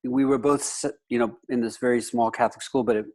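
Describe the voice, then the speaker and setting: A man's voice: mid-range voice, steady tone, fast, a little mellow. A man in his fifties from the United States, a guest in a casual interview who rambles and leans on "you know" fillers.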